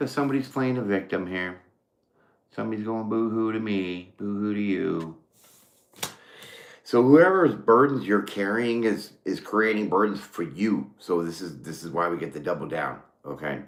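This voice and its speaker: A man's voice: on the low side, reverberant, slight background noise. A man doing a casual live tarot reading, a swearing storyteller who rambles and laughs often. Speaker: tarot reader; former mechanic.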